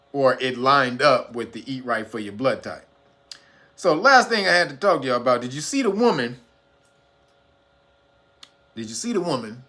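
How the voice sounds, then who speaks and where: Bright-voiced woman in casual chat. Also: very deep voice. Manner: loose, chatty, profane storytelling addressed to viewers. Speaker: commentary vlogger. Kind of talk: casual commentary.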